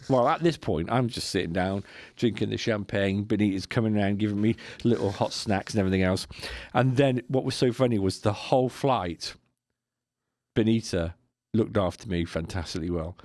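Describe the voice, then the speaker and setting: Gravelly low-voiced man telling a story. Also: moderate pace, no echo. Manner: animated anecdote with mimicked voices and laughs. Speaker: podcast co-host. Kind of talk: casual storytelling chat.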